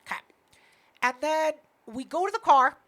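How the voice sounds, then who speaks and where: A young woman tells a story on a podcast in a high, lively voice. She swears freely and jumps into other people's lines as she goes. The tone is casual and fast-moving. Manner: animated, swears a lot, acts out quotes. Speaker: podcast co-host.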